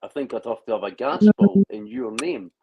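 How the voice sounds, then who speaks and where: A man's voice: fairly high pitch, very animated, fairly quick, creaky, highs cut off, crowd noise. A man in a casual online chat, talking in long rambling stretches with frequent restarts and blunt swearing. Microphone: video call.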